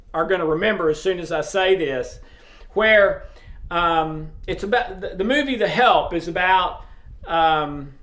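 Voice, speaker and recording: A man giving an informal sermon, earnest and emphatic, with frequent pauses and fillers. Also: high-pitched, pushed and bright. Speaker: preacher. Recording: roomy echo.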